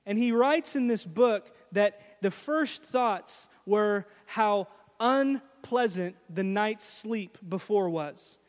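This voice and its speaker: A man preaching a sermon in a church, telling a story in an animated way and speaking straight to the congregation. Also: high voice, takes it slowly. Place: church sanctuary. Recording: long reverb of a church hall.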